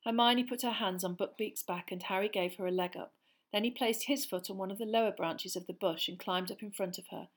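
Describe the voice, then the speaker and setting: Female narrator, measured storybook reading at a medium pitch. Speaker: audiobook narrator.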